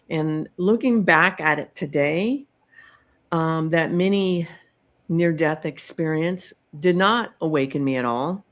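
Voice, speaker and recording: A middle-aged woman hosting a podcast, telling a personal story in a slow, reflective way with many pauses and ums. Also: deep voice. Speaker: podcast host telling her own story.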